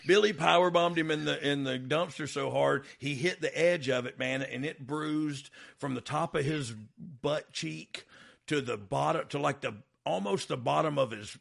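A man with a gravelly, bright voice tells stories on his podcast in a loose, casual way. He laughs often, restarts his sentences and acts out what people said. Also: fairly high pitch, moderate pace. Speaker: podcast host, former wrestler. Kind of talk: casual storytelling chat.

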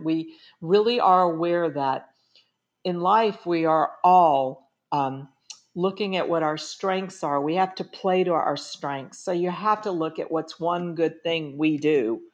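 A middle-aged woman speaks as a guest author in a conversational interview. Her voice sits fairly low, and she talks in an earnest, emphatic way, stressing her points as she gives advice. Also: muffled recording.

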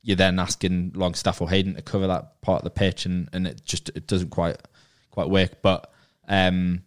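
Man, very low voice, casual football chat with halting restarts. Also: level tone. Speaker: podcast regular.

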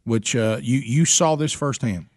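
A man's voice: mid-range voice, normal speed, a little mellow, no echo. A man hosting a radio show, teasing and joking. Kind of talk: morning radio banter.

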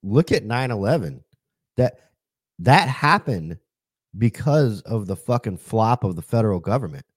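Blunt low-voiced man, dry mic. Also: darkish tone, no echo. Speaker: podcast co-host, police officer. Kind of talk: casual podcast chat.

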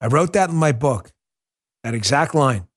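A man's voice: mid-range voice, lively intonation, normal speed. A man hosting a political commentary show, delivering a heated, emphatic monologue. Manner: fiery, emphatic, repetitive ranting.

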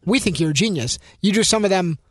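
High-voiced dry-witted radio panelist man. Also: expressive, fast, slightly rough, no echo. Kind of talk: casual sports radio banter.

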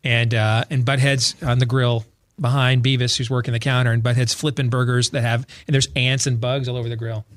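A man's voice: medium pitch, a little fast. A man hosting a talk show, telling stories with lots of stammers and restarts in casual banter. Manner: animated storyteller, stammers and restarts.

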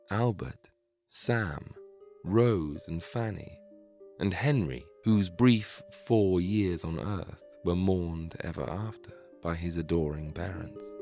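A man narrating a scripted historical story in a measured, dramatic way. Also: low-pitched, a little mellow.

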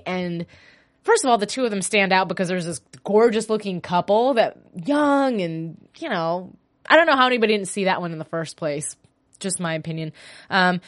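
Chatty woman hosting a fan podcast. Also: medium pitch. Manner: chatty, animated, gushing. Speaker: solo podcast host. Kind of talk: casual fan after-show chat. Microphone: podcast mic.

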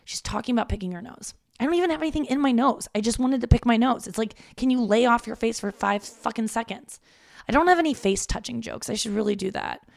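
A woman's voice: a little high, fast, gravelly, no room sound. A woman in her thirties, a stand-up comic from St. Louis, chatting loosely and self-deprecatingly through a solo podcast, swearing freely. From St. Louis, United States. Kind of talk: casual solo podcast monologue. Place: her parents' home.

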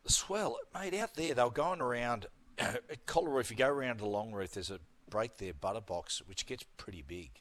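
A man's voice: mid-range voice, animated, normal speed, hardly any pauses, a bit bright. A middle-aged man with an Australian accent, a guest host chatting casually and telling laughing, blokey stories. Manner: laughing storyteller, blokey banter. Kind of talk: casual sports chat.

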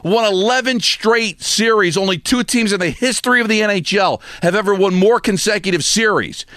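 A man's voice: fairly high pitch, a bit bright, no room sound, studio quality. A man hosting sports talk, delivering an emphatic, scolding rant full of repetition. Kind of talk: opinionated sports radio rant.

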